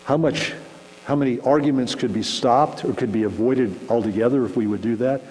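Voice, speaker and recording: A man delivers a relaxed, conversational sermon, now and then acting out little scenes to make his point. His voice rings with a long hall reverb, and a faint electrical hum sits underneath. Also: medium pitch, brisk. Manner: conversational, animated, acts out shouting examples. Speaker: pastor. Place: church sanctuary.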